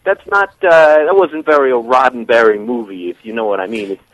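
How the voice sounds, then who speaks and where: A man, calling in to a radio show and arguing with the hosts, hesitant at first and quickly indignant. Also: medium pitch, fairly bright tone, no echo, rough recording. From New York. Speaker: caller. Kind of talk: casual radio banter.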